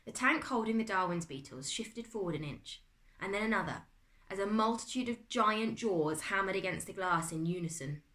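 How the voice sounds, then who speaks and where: A woman's voice: mid-range voice, normal speed. British woman teacher reading a story. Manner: expressive, dramatic read-aloud. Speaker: teacher reading aloud to a class. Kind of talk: storybook read-aloud. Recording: echoey room.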